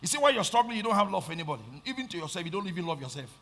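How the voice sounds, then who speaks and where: A man with a Nigerian accent preaching a sermon, swinging between shouted lines and hushed asides and repeating phrases for emphasis. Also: sits high, very animated, racing. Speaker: pastor.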